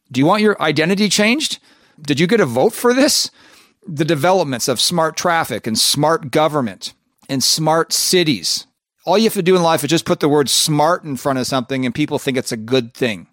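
A man's voice: mid-range voice, no room sound, clean studio sound. A man hosting a show and commenting skeptically on clips, asking rhetorical questions. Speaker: show host.

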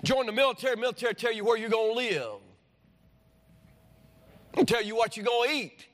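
Animated preacher man in a reverberant hall. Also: extremely high pitch, fairly quick. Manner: animated, repetitive, storytelling with sudden shouts. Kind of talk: sermon.

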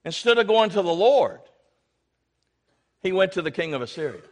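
A male pastor preaching a sermon, swinging from loud exhortation to quiet asides and calling for amens from the congregation. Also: sits high, sing-song, normal speed.

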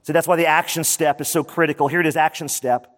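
In a steady, a bit bright voice set a touch high, a male pastor gives a chatty sermon with quick asides between his points. A large hall lends the recording a long reverb.

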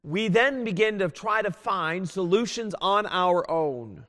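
Earnest preacher in a reverberant hall. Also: male voice, high-pitched, lively intonation. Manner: earnest, pleading, quick swings from loud to hushed. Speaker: pastor. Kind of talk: sermon.

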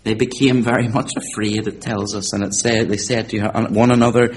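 A man preaching a sermon, swinging from loud, high-pitched exhortation to quiet, slow, low emphasis. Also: flat delivery, slight background noise.

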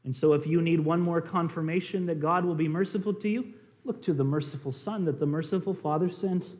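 A man preaching a sermon as a pastor, impassioned, rising to loud emphasis and dropping to quiet pleading. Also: on the high side, brisk.

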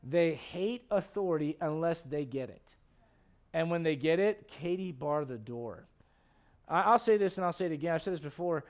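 A man in his thirties delivers a Sunday sermon with a noticeably high voice. He is animated and conversational, often restarting his sentences as he talks. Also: normal speed. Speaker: pastor.

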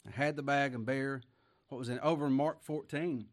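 Guy preaching, folksy, keeps tossing questions at the pews, gets loud then real quiet. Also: medium pitch, brisk. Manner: swings between loud emphasis and quiet asides. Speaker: pastor. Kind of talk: sermon.

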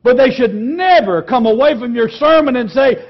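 A man teaching a lesson on preaching, emphatic and earnest, slowing down and dropping quiet on key words. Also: very high-pitched, animated, dull audio. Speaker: preaching instructor.

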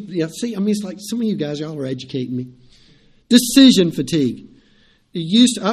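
A middle-aged man, preaching a sermon in a conversational way, repeating phrases and turning to the congregation with asides. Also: on the high side. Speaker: pastor.

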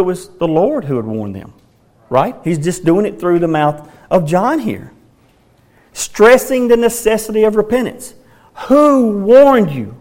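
A man delivers a sermon in a noticeably high voice. He works through scripture passages and repeats key questions with dramatic, drawn-out emphasis. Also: a little mellow. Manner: emphatic, dramatic rereading of quoted lines. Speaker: pastor.

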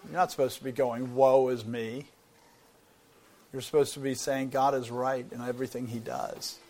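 A man's voice: mid-range voice, level tone, brisk, a little mellow. A man teaching a Bible sermon, explaining things earnestly and often repeating words as he thinks. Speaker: preacher.

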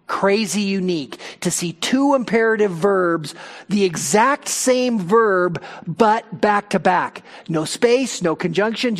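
A man preaching an expository Bible sermon as a pastor, teaching emphatically and asking rhetorical questions. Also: high-pitched.

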